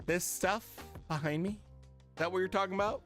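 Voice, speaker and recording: A man's voice: sits high, a little fast, fairly bright tone, faint music behind. A man chatting casually on a live stream from his home setup, blunt and profane, getting riled up. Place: home streaming room with lit panel backdrop.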